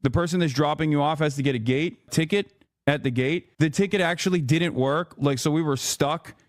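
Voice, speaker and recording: A man's voice: a little high, a little fast, no room sound, clean studio sound. A man telling a travel mishap story in casual, self-mocking storytelling.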